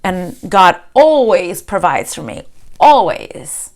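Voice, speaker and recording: A woman's voice: fairly low pitch, sing-song, slow. Impassioned woman giving a spiritual reading. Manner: impassioned, swinging from loud outbursts to hushed near-whispers. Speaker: tarot reader. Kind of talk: spiritual tarot reading to camera.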